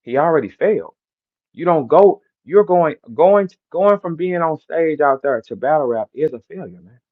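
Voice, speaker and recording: A man's voice: on the high side, lively intonation, normal speed, narrow, tinny audio. A man from St. Louis with a St. Louis accent, boasting and trash-talking in a brash, repetitive live-stream rant. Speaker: battle rapper hosting a live audio room.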